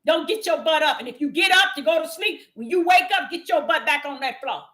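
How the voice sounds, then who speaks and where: A woman preaching an impassioned sermon in a fervent, scolding manner that rises to shouting. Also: sits high, expressive, fairly quick. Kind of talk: impassioned street-style sermon.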